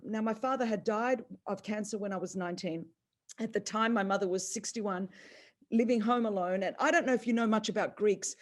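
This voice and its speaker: A middle-aged Australian woman telling a personal family story, animated, with big jumps in pitch and loudness. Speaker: speaker on a faith call.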